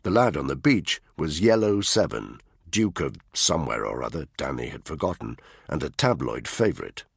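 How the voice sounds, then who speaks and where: A man narrating an audiobook thriller in steady, measured storytelling. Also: extremely low pitch, vocal fry, breathy edge, dry recording, studio quality. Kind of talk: scripted narration.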